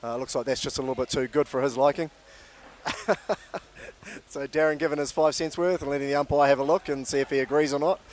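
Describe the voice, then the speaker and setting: A man calls an indoor cricket match. His voice sits at an everyday middle pitch, and his delivery is relaxed, measured and conversational. He analyses the play in an easygoing way. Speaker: cricket commentator. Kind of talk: live sports commentary.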